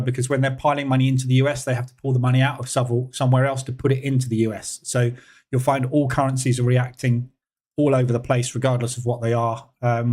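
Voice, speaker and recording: A man's voice: medium pitch, darkish tone. A man runs a live trading room and talks in a loose, chatty way, stopping often with fillers as he thinks aloud. He reads viewers' messages and answers them as he goes. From United Kingdom. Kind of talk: casual live-stream commentary.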